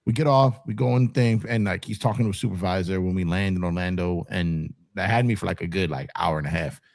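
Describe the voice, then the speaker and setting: A man telling a profane, animated story in casual podcast talk. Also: sits low, fast, creaky, no room sound, clean studio sound. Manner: animated, profane, acts out quotes. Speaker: podcast co-host.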